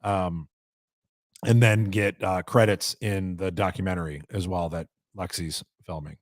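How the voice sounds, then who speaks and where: A man's voice: low-pitched, steady tone, measured pace, no echo, studio quality. A man hosting a live show, chatting casually, crude and joking, swearing freely. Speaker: podcast host.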